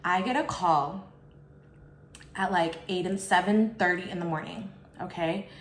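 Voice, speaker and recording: A woman's voice: fairly low pitch, a little slow, a little hiss or hum. A young woman vlogger telling a casual storytime while eating, chatty and full of "like", acting out other people in quotes. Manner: chatty, fills speech with "like", acts out others in quotes. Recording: roomy echo.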